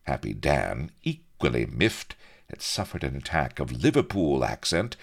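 Gravelly, very deep theatrical male narrator. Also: sing-song, a little slow. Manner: theatrical, playfully ironic storytelling. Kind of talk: audiobook narration.

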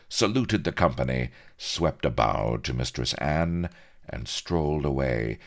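A man narrating an audiobook with a very deep, gravelly bass voice. He reads slowly and theatrically, with a dry, ironic playfulness and a lively rise and fall in his delivery.

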